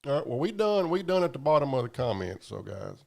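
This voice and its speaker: A male livestream host talks casually through viewer comments, profane and rambling with a drawl. His mid-range voice is sing-song and a little mellow, fairly quick, with vocal fry.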